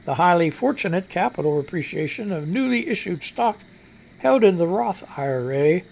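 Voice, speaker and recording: Gravelly, animated male radio ranter. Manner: voice climbs high when excited, profane; reads news items aloud with asides. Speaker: talk radio host. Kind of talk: ranting news commentary.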